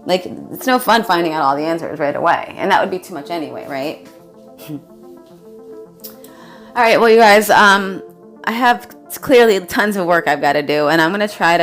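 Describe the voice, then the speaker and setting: A woman's voice: fairly low pitch, animated, normal speed, a bit bright, soft background music. A woman telling a spiritual story to her viewers in a rambling, casual way, with many fillers and laughs. She says she is exhausted. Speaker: spiritual vlogger.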